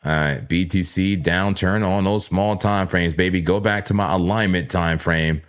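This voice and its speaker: A man with a low, deep voice hosts a casual live trading stream. He chats playfully with his viewers, repeats words and corrects himself as he goes, and keeps up a loose, conversational flow over his charts. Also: fairly even intonation, normal speed. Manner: playful, chatty, talks straight to chat viewers. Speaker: livestream crypto trading host.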